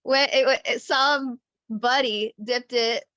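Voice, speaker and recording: A woman with a slightly high voice tells a story in a halting way with laughs. Her video-call audio is dull and dry, with no room sound. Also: fairly even intonation, sharp tone, no echo. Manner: laughing, halting, acts out her own reactions. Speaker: group member. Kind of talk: casual storytelling chat.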